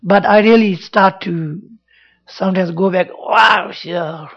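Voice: mid-range voice, fairly even intonation, measured pace. Buddhist teacher, broken english, repeats words, keeps asking yeah, dull lo-fi recording. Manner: broken English, repeats phrases, tag-question check-ins. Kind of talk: dharma talk with interpreter.

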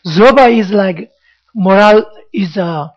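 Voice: medium pitch, takes it slowly. A Buddhist teacher giving a dharma talk in broken English, repeating phrases and checking in with the audience. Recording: dull lo-fi recording.

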